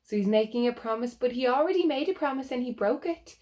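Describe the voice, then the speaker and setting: A woman reading a picture book aloud to children, animated and asking them questions. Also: high voice, fast talker. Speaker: children's storyteller.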